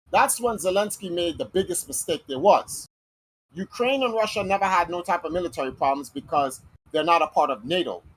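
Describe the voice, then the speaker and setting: An American man hosting a casual podcast monologue, talking in slangy, animated speech and acting out quoted voices. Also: sits high, breathy edge, rough recording. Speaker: podcast host.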